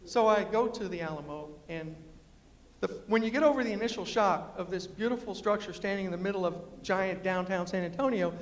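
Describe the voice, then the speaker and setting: A middle-aged storyteller from New York City, his voice high and creaky, entertains a live lecture-hall audience with comic tales. He acts out the people he quotes and poses questions to the crowd, all under the hall's long reverb.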